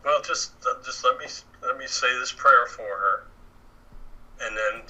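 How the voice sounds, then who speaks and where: A man who is a guest on a show, answering calmly and easily in casual conversation. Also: medium pitch, a little slow, rough recording. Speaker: guest psychic medium.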